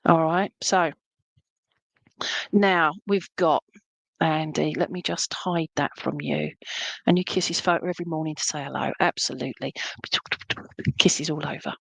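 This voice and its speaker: A woman giving a live psychic reading, her voice sitting a little low. She talks in a chatty, reassuring way and keeps checking in with her listener. The sound is dry and close, with hardly any room around it. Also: fairly even intonation, normal speed, creaky, pauses often, dry recording, poor audio. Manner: chatty, relays messages and checks in with "okay?" and "all right?". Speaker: psychic medium.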